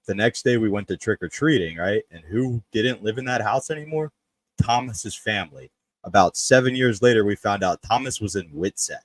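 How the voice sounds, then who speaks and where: Low-voiced man telling a story. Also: normal speed, no room sound, poor audio. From Memphis. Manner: animated, shouts when quoting others. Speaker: podcast co-host. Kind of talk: casual storytelling.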